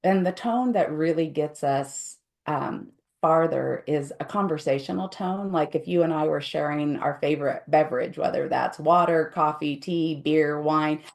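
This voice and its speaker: A middle-aged woman with a low voice and a gravelly edge. She explains things patiently in casual interview talk. She briefly acts out the inner voices she quotes. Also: normal speed, few pauses, darkish tone. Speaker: guest conflict resolution expert.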